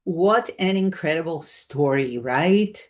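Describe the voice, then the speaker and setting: A woman's voice: low-pitched, animated, slow. A woman host reflecting emotionally on a guest's story. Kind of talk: podcast host commentary.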